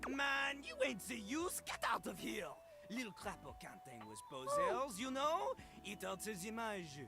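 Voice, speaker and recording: A cocky male toilet rapper from a comedy video game, as a voice actor plays him, spitting rhymes with a wildly swinging pitch. He brags and sneers at anyone uncool, and a loud hip hop beat pounds behind him. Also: huge pitch swings, unhurried, creaky, music in the background, heavily acted. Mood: scornful. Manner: swaggering, dismissive. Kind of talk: rapping over a beat.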